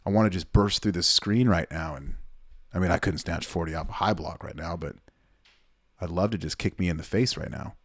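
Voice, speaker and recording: A man's voice: low-pitched, fairly quick, dry recording, studio quality. A middle-aged man, a weightlifting coach, giving blunt, fired-up casual commentary over a training video, swearing and repeating himself.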